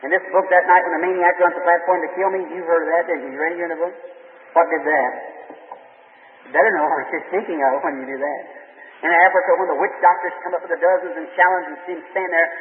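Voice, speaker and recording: An impassioned male preacher, keeping up a stream of rhetorical questions at the crowd. His voice sits high and rings through a large hall with a long reverb. The old recording is thin and tinny, with faint radio noise. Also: steady tone, fast talker. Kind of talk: revival healing sermon.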